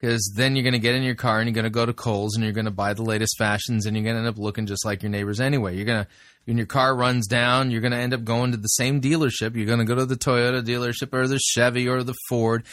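A man's voice: medium pitch, fairly even intonation, fast talker, fairly bright tone, dry recording. Dry, skeptical male commentator. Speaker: sermon reviewer. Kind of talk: critical commentary.

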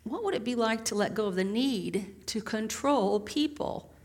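A woman's voice: a little high, animated, measured pace, husky. A middle-aged woman preaching a sermon in a conversational, humorous way, full of rhetorical questions.

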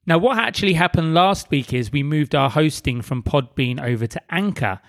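A man co-hosting a casual book club podcast, chatty and quick to laugh. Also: fairly high pitch, expressive, vocal fry, a bit bright. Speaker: podcast co-host.

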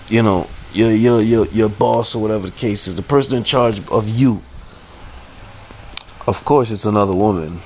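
A man's voice: lowish voice, moderate pace, slight background noise, rough recording. A man telling a frustrating story in a heated, profane, repetitive rant on his podcast. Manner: heated, profane, repeats himself a lot. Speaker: podcast host.

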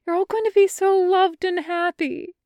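A woman voicing a sweet, soft-hearted young man who gushes and tears up easily, slipping into breathy whispers. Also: very high-pitched, fairly even intonation, normal speed, no room sound, voice pushed up. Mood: gushing.

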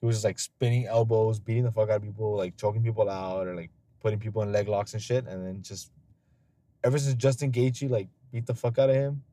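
A man's voice: on the low side, fairly even intonation, fairly quick, mellow. A man hosting a casual podcast chat, telling stories loosely with lots of swearing and frequent laughter. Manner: loose, profane storytelling; laughs often. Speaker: podcast host.

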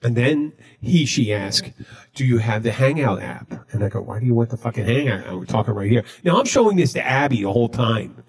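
A man hosting a podcast, telling a story in a casual, deadpan way. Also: medium pitch, a little fast, husky. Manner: deadpan, recounting jokes he told. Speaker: podcast host.

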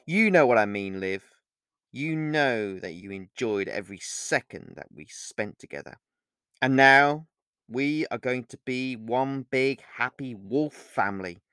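A man doing a calm, menacing male werewolf. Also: mid-range voice, measured pace, smooth, no room sound, clean studio sound. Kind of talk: audiobook reading.

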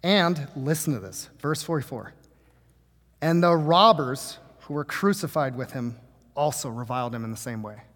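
A man's voice: medium pitch, moderate pace. Emphatic preacher man in a reverberant hall. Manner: conversational preaching, swings from hushed to emphatic. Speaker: pastor. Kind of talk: sermon.

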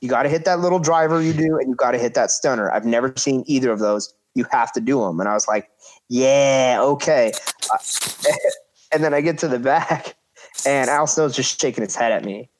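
A man's voice: medium pitch, moderate pace. A man in his thirties casually telling a story about his wrestling career, acting out quoted voices and swearing freely.

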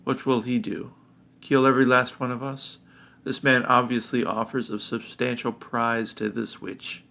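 A man's voice: mid-range voice, little pitch movement, a little slow, gravelly, bright, forceful tone. A man voicing a suspicious, hostile dragon who growls his words urgently.

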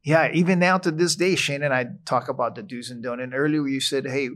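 A man's voice: medium pitch, fairly quick, fairly bright tone. A middle-aged man, a podcast guest, talking candidly and earnestly, telling stories and acting out what people said with laughing asides. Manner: earnest storytelling, acts out quotes with laughing asides. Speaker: podcast guest, restaurant founder. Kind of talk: candid conversation.

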